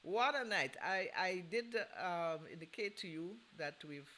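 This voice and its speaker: Bright-voiced chatty man host. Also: sits high, expressive, unhurried, poor audio. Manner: chatty and playful, teasing listeners with laughs. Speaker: radio show host. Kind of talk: casual chat between records.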